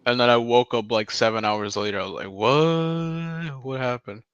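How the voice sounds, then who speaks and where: A man's voice: fairly low pitch, steady tone, fast talker, fairly bright tone, clean tone, no room sound. A man in his twenties chatting casually on a live voice call, rambling in slang with lots of "like" and "bro". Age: 20s. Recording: dull lo-fi mic.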